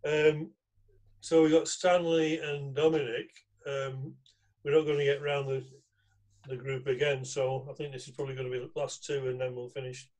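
A middle-aged man hosts a casual chat on a video call, rambling and hesitant with plenty of fillers and restarts. His voice is medium-pitched and a little mellow, with little pitch movement and a moderate pace.

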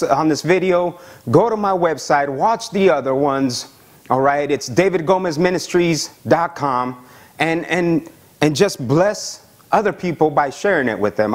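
A man preaching as a pastor, his voice riding up and down with lively, animated pitch that sits a touch high for a man. He talks with eager excitement, stumbling over repeated words and checking in with his listeners again and again. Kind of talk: sermon with Bible reading and prayer.

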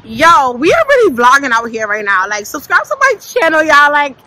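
A tipsy woman vlogging a night out, loud and profane, trash-talking and laughing on a city street into a handheld phone. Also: high-pitched, wildly swooping pitch, normal speed, dry recording, rough recording. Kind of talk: rowdy night-out vlog banter.

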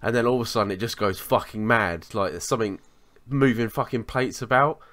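A man co-hosting a podcast, telling a story in a sweary, animated way in casual chat. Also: medium pitch, fairly quick. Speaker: podcast co-host.

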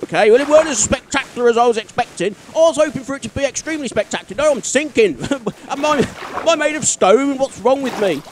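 A man with a strikingly high voice gives let's-play commentary on his own gaming. He mocks himself, chuckles often and breaks into exasperated outbursts. He talks into a desk microphone. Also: lively intonation, quick pace, background noise. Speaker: gaming video creator.

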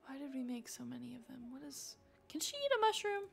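High, lively-voiced woman streamer. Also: fairly quick, gravelly, husky, soft background music. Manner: chatty, gushing and excitable, talks to the game characters. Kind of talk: live gameplay commentary.

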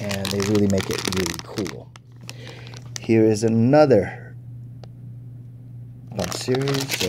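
A man's voice: lowish voice, noisy background. A man giving casual, chatty toy unboxing commentary, thinking aloud and easily impressed. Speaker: toy reviewer.

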